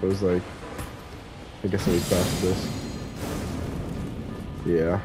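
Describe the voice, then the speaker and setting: A man playing a video game and commenting live, swearing loudly at enemies and muttering to himself between fights, with game music behind him. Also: low-pitched, flat delivery, takes it slowly. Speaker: gaming streamer.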